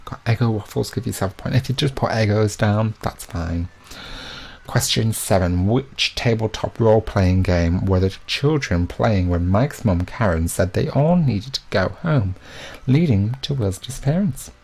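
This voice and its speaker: A man's voice: lowish voice, animated, moderate pace, vocal fry, darkish tone, husky. A young man hosting a live quiz, chatty and joking, with self-mocking asides between questions. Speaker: quiz host.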